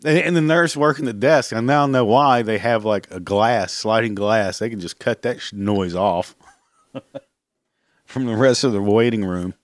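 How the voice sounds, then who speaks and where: A man's voice: fairly low pitch, a little slow, no room sound, clean studio sound. A man hosting a podcast, ranting casually and bluntly, swearing freely and laughing at his own jokes. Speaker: podcast host. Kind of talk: casual solo rant.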